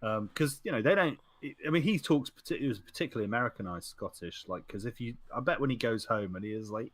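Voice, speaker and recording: A man's voice: medium pitch, big pitch swings, fast, few pauses, a bit bright, no echo. A man co-hosting a casual podcast, rambling and digressing, often laughing. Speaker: podcast co-host. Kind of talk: casual chat.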